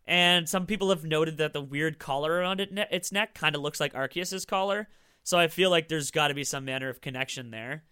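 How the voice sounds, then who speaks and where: A man chatting casually about games, quick and enthusiastic, swearing freely. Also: a little high, sharp tone, smooth, no echo, studio quality.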